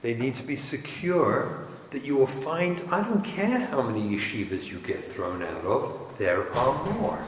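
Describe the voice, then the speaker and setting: A man's voice: medium pitch, sing-song, unhurried. A man, a rabbi, lecturing parents in an emphatic, wry, teasing way. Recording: echoey hall with faint noise.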